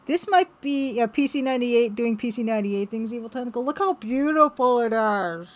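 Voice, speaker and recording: A woman chatting casually on a live art stream while working, reading viewer messages aloud and reacting with excited exclamations. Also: a little high, a little fast. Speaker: game developer streaming while drawing.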